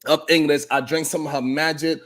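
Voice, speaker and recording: Man telling a comic story with animated energy. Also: fairly high pitch, brisk. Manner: animated and profane, often laughing. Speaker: host of a live stream show. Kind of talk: comedic storytelling.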